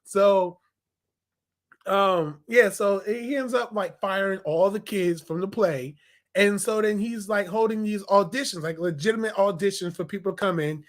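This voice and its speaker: A young man in a casual review vlog, animated and slangy, laughing as he retells scenes. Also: sits high, normal speed. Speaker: TV episode reviewer.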